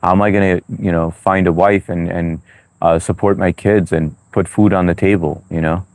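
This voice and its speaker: A man's voice: low voice, fairly even intonation, moderate pace, darkish tone, no echo. A man hosting a livestream in a loose, chatty way, reading viewer comments aloud with lots of "uh" and "you know". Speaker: livestream host.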